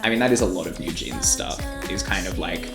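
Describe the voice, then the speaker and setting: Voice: sits low, a little fast, creaky. An Australian music video reactor giving casual, rambling commentary full of filler words. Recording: roomy room with faint music.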